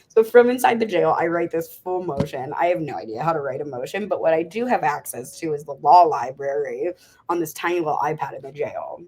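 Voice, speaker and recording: A woman's voice: low-pitched, animated, brisk, a little mellow, slight background noise. A woman in her thirties from Las Vegas, a podcast guest frankly telling her story and laughing often. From Las Vegas, USA. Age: 30s. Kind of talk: candid storytelling interview.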